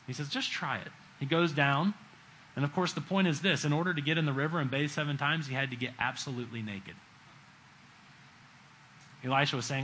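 Bright-voiced man preaching a sermon. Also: on the high side, a little fast, long pauses, slight background noise, poor audio. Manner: conversational preaching, acts out quotes, swings between loud and hushed.

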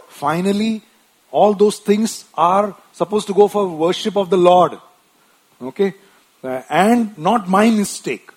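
A man's voice: high-pitched, a little slow, a little mellow, slightly rough. A man preaching a sermon in a conversational way, often tagging his points with short questions and restarting his sentences. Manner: wife mentioned.

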